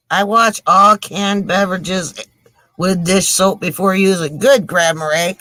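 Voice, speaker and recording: A woman's voice: lowish voice, unhurried, pushed and bright, no room sound. A woman hosting her weekly joke segment on a live stream, chatting and greeting viewers by name. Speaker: comedy show host. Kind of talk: casual live-stream chat.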